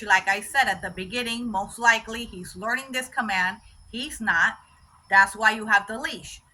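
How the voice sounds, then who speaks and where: A woman's voice: on the high side, bright, forceful tone, slight background noise, rough recording. A woman dog trainer giving an unscripted lesson to dog owners, patient and repetitive, often checking in with "all right?" and correcting herself as she goes. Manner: unscripted, with restarts and self-corrections. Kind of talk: instructional talk to dog owners.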